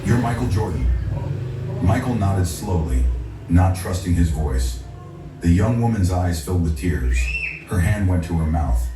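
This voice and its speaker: A man narrating a scripted story in a steady, dramatic way. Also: sits low, unhurried, very noisy. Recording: echoey, distant, faint music.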